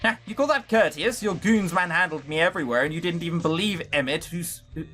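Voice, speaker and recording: A man reading the lines of a brash, defiant young rocker in a visual novel, mocking and quick to argue. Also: medium pitch, a bit bright, soft background music, lightly acted.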